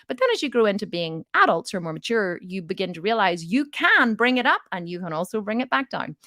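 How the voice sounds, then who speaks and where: A woman's voice: mid-range voice, fairly bright tone, no echo. Frank woman coach, dry close sound. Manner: storytelling, acting out both sides of conversations; frank, swears casually. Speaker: fitness and mindset coach. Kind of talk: casual coaching talk.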